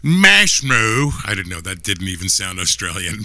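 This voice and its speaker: A lower-pitched man, talking casually on a livestream. His voice sounds very bright and forward, and he rambles through restarts and chuckles. The sound is dry and close. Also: flat delivery, a little fast, dry recording. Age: 50s. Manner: rambling, laughing often, trailing restarts. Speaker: livestream co-host. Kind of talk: casual political chat.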